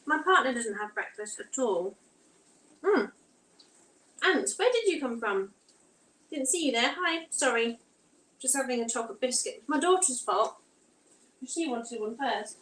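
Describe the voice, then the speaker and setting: A woman's voice: fairly high pitch, animated, unhurried, long pauses, fairly bright tone, roomy sound, distant mic, poor audio. A woman chatting casually with viewers while she does housework, rambling a little and reading out comments, her throat tight and strained. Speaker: vlogger. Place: home kitchen.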